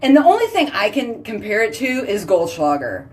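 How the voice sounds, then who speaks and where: Woman host, casual chat, filler-heavy, animated and talkative. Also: medium pitch, normal speed. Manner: chatty, heavy use of "like", animated exclamations.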